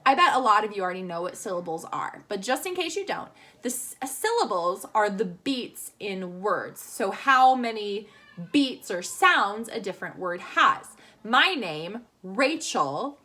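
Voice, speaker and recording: A woman teaching a children's lesson over video from home, cheerful, slow and clear for young kids. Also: medium pitch, pushed and bright. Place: home room. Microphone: phone camera at arm's length.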